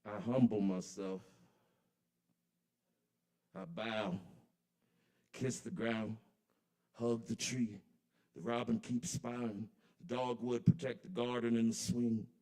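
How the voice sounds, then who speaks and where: Guy doing spoken word at an open mic in a bar, rhythmic, chanting lists, goes quiet then loud, mid-pitched voice. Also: little pitch movement, takes it slowly, long pauses. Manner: rhythmic, incantatory delivery with swings in loudness. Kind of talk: spoken word poetry performance.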